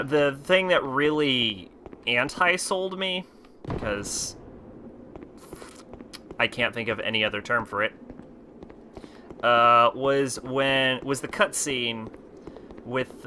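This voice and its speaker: A man's voice: mid-range voice, sharp tone, a little hiss or hum. A man streaming and chatting casually, rambling with lots of fillers and laughing easily.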